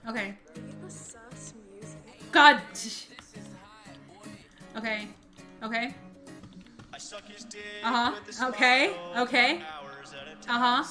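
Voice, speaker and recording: A woman live streamer chatting casually, singing along to songs and breaking into loud excited outbursts. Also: a little high, a little slow, long pauses. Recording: loud music over the voice. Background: loud pop music playing.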